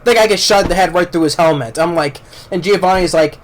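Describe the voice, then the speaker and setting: A man's voice: sits high, fast talker, few pauses. A man casually reviewing a film, rambling with many restarts and repeated words, blunt and informal, with casual swearing. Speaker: movie reviewer.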